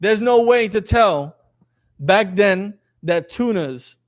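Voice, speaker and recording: A man's voice: high-pitched, expressive, slow pace. A man teaching a lesson to a class, quizzing his students in a jokey way and reading passages aloud. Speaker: religious teacher.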